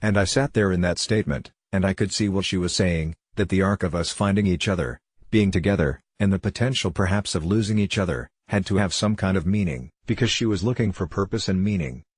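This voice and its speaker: A man with a low, slightly raspy voice answers interview questions in a reflective, heartfelt way. He tells a personal story candidly, and the recording is dry and close with no room sound. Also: brisk, few pauses, dry recording.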